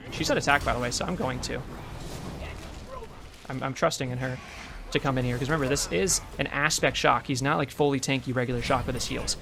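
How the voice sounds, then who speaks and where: A young man giving live commentary on his own ranked game, mixing calm strategy talk with excitable trash talk. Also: medium pitch, creaky, background noise. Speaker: gaming streamer.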